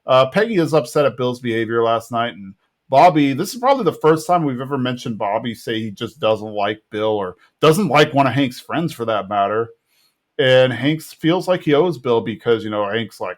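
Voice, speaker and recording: A man's voice: medium pitch, animated, moderate pace. Southern man recapping a cartoon episode. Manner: retells scenes, acting out characters' lines. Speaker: podcast host.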